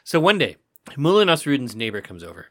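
A man's voice: medium pitch, very animated, a little fast, fairly bright tone. Podcast co-host, man, laid-back storyteller, acts out his jokes. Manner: storytelling with acted-out character voices. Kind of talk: casual chat, telling jokes.

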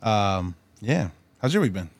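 A man's voice: lowish voice, very animated, unhurried, no echo. A young adult man co-hosting a podcast, chatting casually in a laid-back, jokey way with some swearing. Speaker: podcast co-host. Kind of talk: casual chat.

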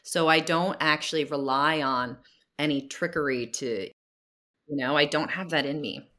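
A woman in her forties, an actor guest in a casual interview, talking loosely with fillers and soft laughs. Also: deep voice, normal speed.

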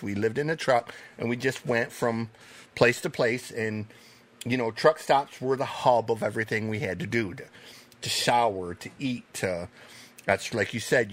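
A man, a podcast guest, telling animated stories in a casual chat, swearing now and then. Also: medium pitch. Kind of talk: casual storytelling.

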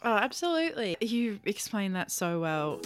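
A woman's voice: medium pitch, big pitch swings, normal speed, over loud music. An Australian woman hosting a podcast, eagerly affirming her guest and explaining with long examples. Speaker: podcast host. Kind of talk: casual podcast conversation.

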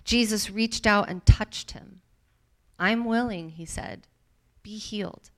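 A woman leads a Bible study by reading scripture aloud and adding her own comments. Her voice sits in a middle pitch, and her delivery is expressive, rising in the quoted lines. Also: slow pace.

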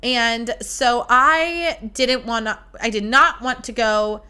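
A young woman hosting a podcast, telling a story in a casual, animated and profane way. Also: fairly high pitch, slow pace, clear, resonant tone. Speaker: podcast host.

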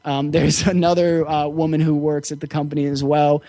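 Male interview guest, fairly high voice, easygoing and reflective storyteller, close dry recording. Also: little pitch movement, normal speed, warm tone, no room sound. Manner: reflective, easygoing, with frequent fillers. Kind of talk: casual storytelling.

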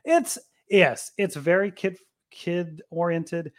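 A man in his thirties with a fairly high-pitched voice co-hosts a podcast. He chats in a playful, enthusiastic way and teases his co-host. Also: slow. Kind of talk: casual chat.

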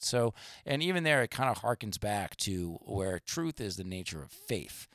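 Rambling low-voiced male podcast host. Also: very animated, moderate pace, a bit bright, dry recording. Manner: rambling, many fillers and restarts. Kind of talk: casual discussion.

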